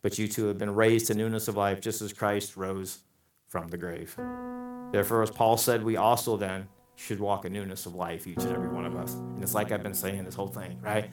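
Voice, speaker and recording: A man preaches a sermon with emphatic fervor, his lines rising to passionate peaks. His voice carries through a roomy church sanctuary and is picked up from some distance away. Soft music sits faintly underneath. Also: on the low side, fairly even intonation, brisk. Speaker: pastor.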